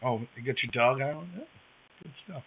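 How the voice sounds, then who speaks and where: A man's voice: medium pitch, normal speed, husky. Wry man ranting on a dull headset mic. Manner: rambling, wry, reacting to chat. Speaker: live-stream host. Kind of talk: casual live-stream chat. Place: home, rural area. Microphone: wireless headset.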